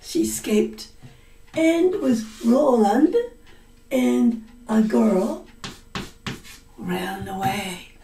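Slow, mellow woman teacher telling a story. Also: a little high, creaky, distant mic, a little hiss or hum. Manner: slow and deliberate, explains words, acts out voices in quotes. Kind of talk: slow story-listening lesson. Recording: echoey room, voice a little off mic.

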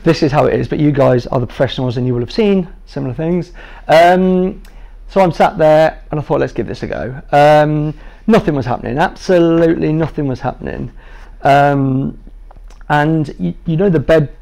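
Gravelly-voiced jovial man. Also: a little high, fairly even intonation, fairly quick, a little mellow. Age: 30s. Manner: jovial, self-deprecating, makes light of things. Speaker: guest speaker sharing his patient story. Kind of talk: humorous personal storytelling to a training group.

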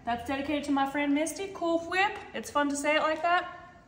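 A woman hosts a casual home cooking video, calling her viewers y'all as she works. Her voice sits high and bright. The kitchen is echoey, with a long ring and faint noise behind her. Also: brisk. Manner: chatty, talks to viewers as y'all. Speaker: cooking channel host.

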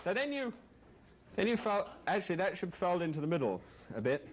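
A man's voice: high-pitched, sing-song, fairly quick, background noise. A man hosting a cooking show in a TV studio kitchen, demonstrating a recipe in a chatty, jokey, rambling way with playful asides to a live audience. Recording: dull lo-fi vintage TV recording.

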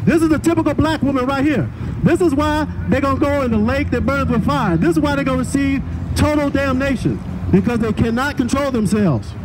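A man's voice: extremely high pitch, fairly quick. A man preaching on the street, lecturing and repeating himself combatively at a heckler. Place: outdoors on a city street. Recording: noisy outdoor street recording.

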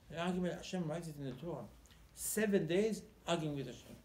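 On the high side and a little fast, this rabbi's slightly mellow voice is animated as he gives a Torah sermon. He acts out the story's dialogue, often repeating words while finding his phrasing, and the recording carries roomy echo and faint background ambience.

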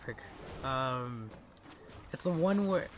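Young man, let's play co-host, lively pitch, playful, rambling, casual. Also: slow, background noise. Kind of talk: casual gaming chat.

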